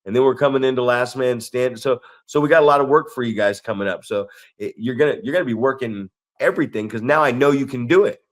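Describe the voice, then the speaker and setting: A man's voice: medium pitch, fast talker. A man co-hosting a podcast, telling a story in casual chat, rambling and restarting his sentences. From Northern California. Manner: rambling, restarts sentences, acts out quoted people. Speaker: podcast co-host.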